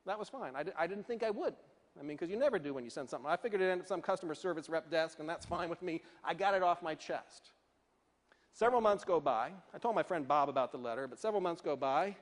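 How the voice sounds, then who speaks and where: Male keynote speaker, animated storyteller, fairly high voice, echoey hall. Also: fast talker. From Northern Virginia. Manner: animated, acts out the voices of people in his stories.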